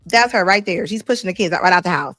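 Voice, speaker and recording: A woman's voice: fairly low pitch, fast talker, no room sound, faint music behind. Incredulous woman host with a dry sound. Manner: animated, incredulous, slangy. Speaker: host reacting to clips. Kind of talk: casual reaction commentary.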